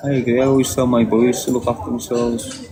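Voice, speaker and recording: In a casual, unfiltered monologue, a middle-aged host from Liverpool responds to his viewers, swearing liberally. He talks a little fast in a level, medium-pitched voice, with some background noise.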